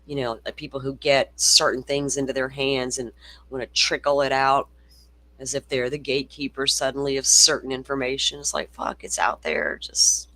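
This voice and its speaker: A man's voice: medium pitch, flat delivery, moderate pace, sharp tone. A middle-aged man hosting a casual true-crime livestream, swearing freely and reading viewer comments aloud. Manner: profane, ranting, reads viewer comments aloud.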